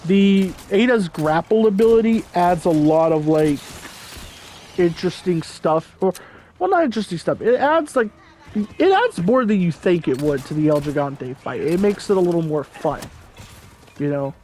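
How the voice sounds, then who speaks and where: A man's voice: high voice, lively intonation, moderate pace, darkish tone, a little hiss or hum. A man giving casual gameplay commentary, rambling and hedging with lots of fillers.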